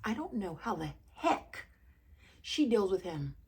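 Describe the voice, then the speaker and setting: A woman chatting casually as she reviews a reality show, sassy and gossipy with animated asides. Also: mid-range voice, measured pace, husky.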